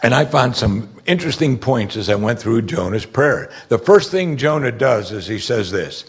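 A pastor preaching a sermon, explaining scripture earnestly and building to emphatic outbursts. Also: male voice, mid-range voice, lively intonation, moderate pace, slightly rough.

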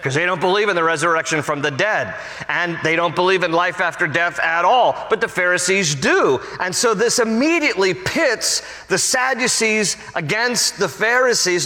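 A male pastor delivering a sermon, animated and acting out the quotes himself. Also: high voice, long reverb tail. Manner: animated, acts out quotes and voices.

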